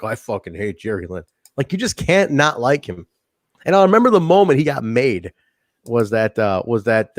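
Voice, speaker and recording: A man co-hosting a casual wrestling review podcast, rambling and animated, swearing and laughing easily. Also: medium pitch, no echo, studio quality. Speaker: podcast co-host.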